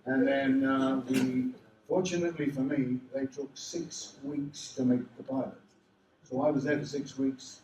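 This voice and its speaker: Casting: older Australian man, animated raconteur, roomy hall, mic set back from him. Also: medium pitch, unhurried, recorded from a distance, muffled recording, background noise. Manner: animated, does voices of people in his stories. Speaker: convention panel guest. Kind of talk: storytelling anecdotes to a live audience. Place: convention hall.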